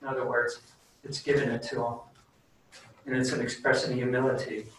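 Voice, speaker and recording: Pastor preaching in an echoey hall. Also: male voice, medium pitch, little pitch movement, fairly quick, a bit bright. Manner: conversational, earnest, plain-spoken. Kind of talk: sermon closing in prayer. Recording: very echoey room, distant mic, faint background noise.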